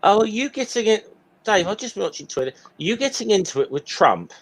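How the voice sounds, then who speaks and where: A man's voice: high-pitched, sing-song, fairly quick, fairly bright tone, husky. A man in casual group chat on a stream, talking hesitantly with many ums and restarts. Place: Hampshire home, voice call.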